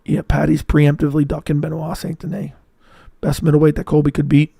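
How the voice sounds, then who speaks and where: A hoarse man hosting a livestream in casual commentary, answering chat with blunt, profane banter. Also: on the high side, monotone, a little fast, warm tone, no room sound, studio quality. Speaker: livestream host.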